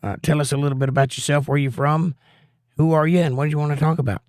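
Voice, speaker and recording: Laid-back middle-aged man hosting a live chat show, folksy and unhurried, dry close-miked sound. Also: a little high, steady tone, darkish tone, no echo. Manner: easygoing, folksy, reads chat aloud. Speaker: livestream host. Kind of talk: casual chat reading viewer comments.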